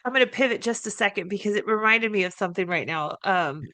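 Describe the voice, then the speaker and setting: A middle-aged woman co-hosting a podcast, telling a family story in an expressive, emphatic way and laughing easily. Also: mid-range voice, fast, dry recording. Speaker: podcast co-host. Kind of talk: casual conversational podcast talk.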